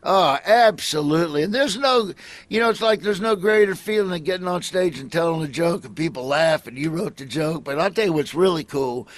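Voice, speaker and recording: A man's voice: fairly high pitch, lively intonation, brisk, no echo. A middle-aged man from Nebraska, a comedian telling rambling stories in a casual interview, acting out other people as he goes.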